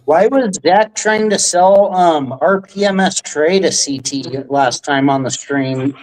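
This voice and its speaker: Male stream host with a higher voice, profane and rambling rants. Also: unhurried, a little mellow, a little hiss or hum, low-quality recording. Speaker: livestream host. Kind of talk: ranting livestream commentary.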